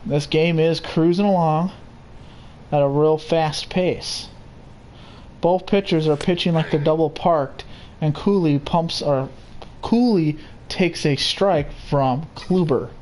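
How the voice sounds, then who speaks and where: A young man calling a baseball game play by play, steady and unhurried, with casual asides. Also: fairly high pitch. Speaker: play-by-play commentator. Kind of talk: simulated baseball commentary.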